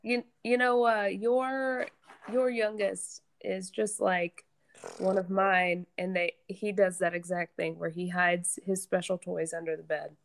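A woman co-hosting a casual chat, calm and measured, reading reviews aloud. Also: mid-range voice, gravelly. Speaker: podcast co-host.

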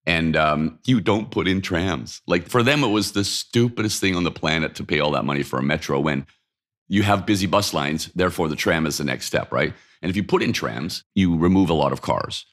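A man's voice: low-pitched, expressive, a little fast, fairly bright tone. A man in his fifties from Denmark, talking opinionatedly in a casual interview in his apartment, often asking himself rhetorical questions and answering them. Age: 50s. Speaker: interview guest, urban mobility expert. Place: apartment by a busy street.

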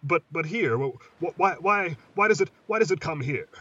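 A man's voice: fairly high pitch, expressive, moderate pace, sharp tone, slightly rough, pitched above the performer's own voice, exaggerated voice. A man voicing a frightened young assistant lighthouse keeper who stammers and panics, heard on a distant, muffled recording. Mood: scared. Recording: distant muffled mic, faint hiss.

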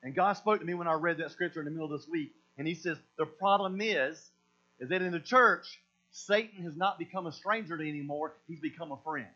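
A man's voice: fairly high pitch, brisk. A man preaching a sermon as pastor, emphatic and repetitive, often doubling back on his words. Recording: dull lo-fi sound with mains hum.

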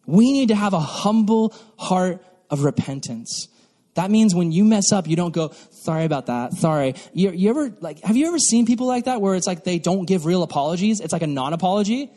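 A young man preaching a sermon to youth as a pastor, animated and acting out mocking voices. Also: sits high, brisk. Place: church hall. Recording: long reverb from a hall.

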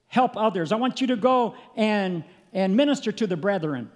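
A man's voice: high-pitched, expressive, brisk, hardly any pauses. Impassioned preacher man in a reverberant hall. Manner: impassioned, builds to shouting peaks then drops quiet. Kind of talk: sermon.

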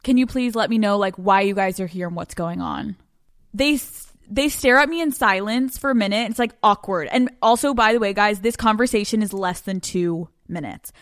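A young woman hosting a podcast, telling a story in a casual, animated way with lots of swearing and laughter. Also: mid-range voice, dry recording, clean studio sound. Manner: animated, profane, laughing often. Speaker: podcast host.

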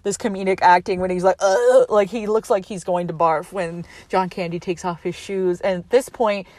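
Woman, casual movie recap, animated and chatty, dry voice. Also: on the low side, normal speed, dry recording. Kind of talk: casual movie plot retelling.

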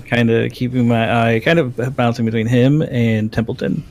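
A man's voice: mid-range voice, steady tone, normal speed, darkish tone, slight background noise. A man playing a tabletop game, asking polite and careful questions. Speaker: player. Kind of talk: casual tabletop play.

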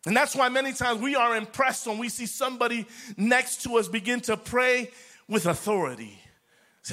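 A man preaching a sermon to his church, swinging between loud declarations and soft whispers and repeating words for emphasis. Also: very high-pitched, moderate pace. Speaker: pastor.

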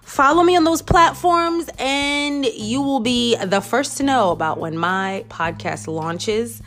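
A woman's voice: fairly high pitch, slow, a bit bright, faint music behind. A woman guest on a podcast, chatting casually, speaking carefully and answering with dry comebacks. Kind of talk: casual chat.

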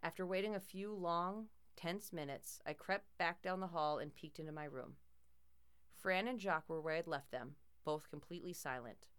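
A woman's voice: fairly low pitch, moderate pace, a bit bright, clean tone. A woman narrating a first-person horror story in a tense, dramatic way.

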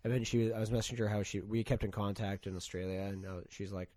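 A man's voice: fairly low pitch, steady tone, fast, a little mellow. A young man from Canada telling a long casual story, rambling and swearing with lots of "like". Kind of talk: casual chat.

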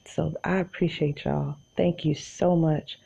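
This low, creaky, mellow voice is slightly rough, steady, and unhurried, heard on a muffled recording. She's a podcast host from Tulsa with an Oklahoma accent, casually chatting solo from bed and addressing listeners as y'all.

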